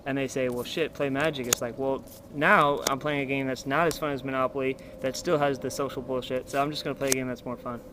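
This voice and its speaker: A man's voice: medium pitch, flat delivery, fast talker, hardly any pauses. Crude, rambling young man, noisy recording. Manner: rambling and crude, acting out opponents with loud outbursts. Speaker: card game player showing his deck. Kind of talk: casual profanity-laden deck profile.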